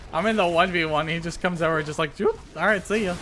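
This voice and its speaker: A young man giving casual, excitable live gameplay commentary, teasing opponents as he plays. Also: high-pitched, slight background noise. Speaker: gaming content creator. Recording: voice over gameplay with background music. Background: background music.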